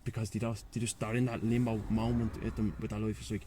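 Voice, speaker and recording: A man's voice: fairly low pitch, flat delivery, fast talker, few pauses, warm tone, slight background noise. Fired-up Dublin man swearing freely. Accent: Irish, Dublin. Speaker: guest, breathwork and sea-swim facilitator. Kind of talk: casual chat.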